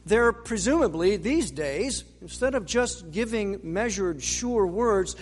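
A man preaching a sermon in a measured way, with dramatic pauses and rhetorical questions. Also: sits high, animated. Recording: long reverb of a large hall.

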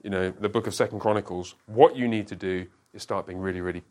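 A man's voice: sits low, fairly even intonation, quick pace, darkish tone. A middle-aged man, a pastor, teaching a church class in a conversational way and often checking that listeners follow.

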